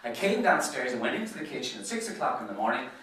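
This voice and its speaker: With a medium-pitched, sing-song lilt, the Irish man tells his business anecdotes fast and forcefully, his tone bright, to an after-dinner crowd in a golf club function room. Repeated words keep tripping him up, and the distant mic picks up lots of echo.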